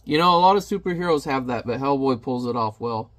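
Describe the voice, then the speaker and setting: A man's voice: medium pitch, expressive, fast, a bit bright. A man giving a casual comic review, narrating panels animatedly and throwing in sound effects.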